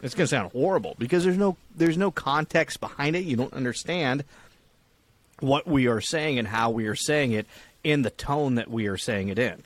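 A young man co-hosting a casual podcast, talking in loose, rambling runs and restarting his sentences. He swears freely and his voice sits at an ordinary middle pitch. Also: normal speed, no echo. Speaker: podcast co-host. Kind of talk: casual chat.

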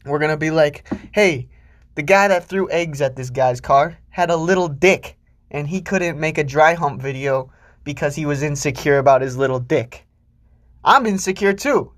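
A young man runs a solo podcast, rambling and ranting crudely with heavy swearing. He lurches between loud outbursts and quiet muttering.

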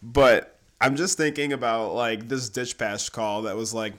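Animated young man telling a story. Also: mid-range voice, measured pace, hardly any pauses. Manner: animated, laughing, acts out quoted voices. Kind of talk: casual storytelling chat.

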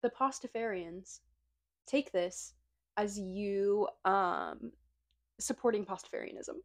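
A woman's voice: mid-range voice, slow pace. A young woman from Missouri co-hosting a podcast, reading out her notes in a dry, matter-of-fact way. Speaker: podcast co-host. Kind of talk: casual chat.

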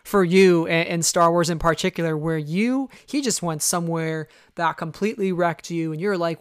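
A podcast co-host in casual chat, chatty and warmly engaged. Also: medium pitch, moderate pace, few pauses, clean tone, dry recording, clean studio sound.

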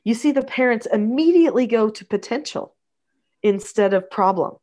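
A middle-aged woman hosting a podcast, reading a story aloud in a gentle, soft-spoken way and chatting afterward. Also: fairly high pitch, expressive, normal speed.

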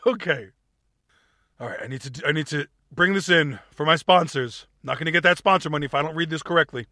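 Bubbly high-voiced male podcast host. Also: fast talker, bright, forceful tone, dry recording, clean studio sound. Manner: bubbly, giggly, playfully over the top. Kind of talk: upbeat talk show chat.

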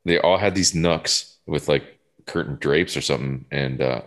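A man's voice: very deep voice, moderate pace, fairly bright tone. A man telling tour stories in a casual chat, swearing often and acting out the voices of the people in them. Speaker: band member recalling tours. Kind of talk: casual storytelling.

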